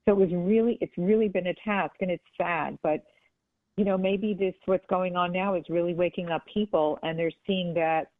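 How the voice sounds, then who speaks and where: A woman's voice: lowish voice, steady tone, moderate pace, no room sound. A woman guest talking casually and earnestly in an interview, often restarting her sentences. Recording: tinny phone line.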